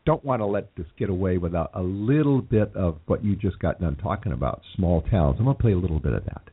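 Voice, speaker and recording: Husky-voiced male radio host. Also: low voice, lively intonation. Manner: halting, many uhs and restarts. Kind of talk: radio interview. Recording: tinny phone-like line.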